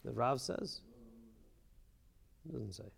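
A man's voice: medium pitch, expressive, slow, vocal fry, husky, big-room sound. A man teaching a casual study session, thinking aloud and asking questions, with Hebrew terms mixed into his English.

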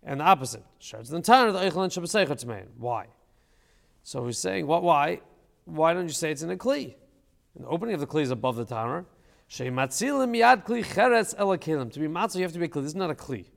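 A man's voice: on the high side, expressive, fast, creaky, long reverb tail. A man teaching a casual study session, thinking aloud and asking questions, with Hebrew terms mixed into his English.

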